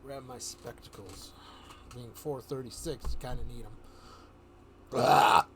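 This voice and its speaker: A man's voice: mid-range voice, steady tone, normal speed, darkish tone, slight background noise. A man streaming live, telling a rambling story in casual chat, often chuckling and restarting his sentences.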